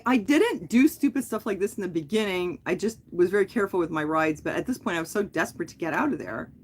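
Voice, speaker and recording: With a husky, mid-range voice, a middle-aged woman hosting a livestream spins out a lengthy tale. It's loose and rambling, full of fillers and self-corrections.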